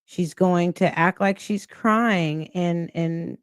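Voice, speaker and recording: A woman's voice: fairly low pitch, dry recording, studio quality. A woman hosting a reaction livestream, talking critically and with exasperation to her viewers. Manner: slow, critical, exasperated commentary. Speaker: reaction channel host. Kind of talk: casual commentary to livestream viewers.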